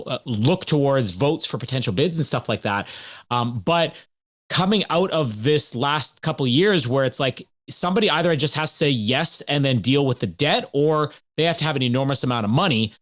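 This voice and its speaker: A man's voice: medium pitch, fairly bright tone. A man co-hosting a podcast, thinking aloud in loose, rambling casual talk. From Canada. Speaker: podcast co-host.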